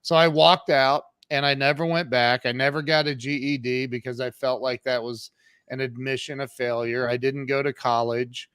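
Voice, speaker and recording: A man in his fifties, a guest on a podcast, tells his life story in a lively, conversational way, with frequent restarts and fillers. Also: mid-range voice, normal speed, clear, resonant tone, dry recording, studio quality. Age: 50s.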